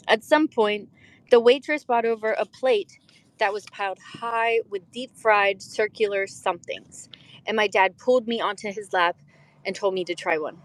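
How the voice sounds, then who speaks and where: A woman's voice: mid-range voice, dry recording. A woman hosting a book club, reading a book aloud and breaking off into chatty, joking asides.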